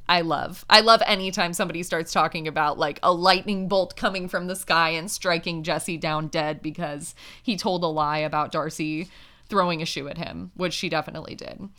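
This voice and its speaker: A woman speaking in a clear, smooth voice that sits a little low, talking through a recap in candid chat. She fills her talk with "like" and laughs at her own points. It sounds like an opinionated host speaking freely to her listeners. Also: steady tone, normal speed, pushed and bright. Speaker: podcast host recapping a reality show. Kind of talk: casual opinionated commentary. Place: indoors, street sirens nearby.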